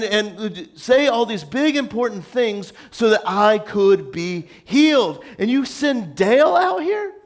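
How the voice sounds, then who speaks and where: A preacher doing a furious proud war general. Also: male voice, extremely high pitch. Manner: indignant, ranting, scoffing. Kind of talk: sermon storytelling.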